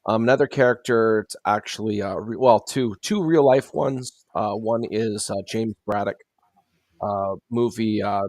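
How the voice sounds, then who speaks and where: Interview guest, middle-aged man, lower register, dry recording, rambling and filler-heavy. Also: a little mellow, no echo. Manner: rambling, many fillers and restarts. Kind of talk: conversational interview answers.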